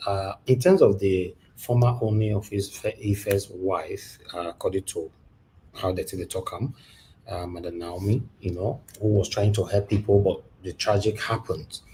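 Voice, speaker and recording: A Nigerian man hosts a livestream, talking through uhs and ums before pressing his points harder. His voice is warm and mellow. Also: fairly low pitch, a little hiss or hum. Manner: hesitant, many fillers, rising to emphatic. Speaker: livestream host. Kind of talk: livestream commentary.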